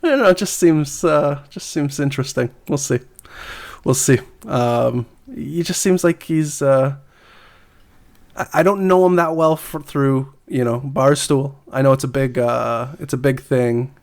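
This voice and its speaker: A man's voice: medium pitch, a little slow. A man co-hosting a podcast, talking hesitantly with many fillers and chuckles, and reading news items aloud. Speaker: podcast co-host.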